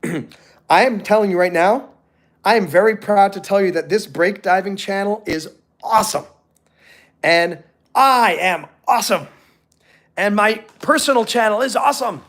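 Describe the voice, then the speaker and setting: A middle-aged man on a motivational live stream, telling animated stories and acting out the people he quotes. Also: sits high.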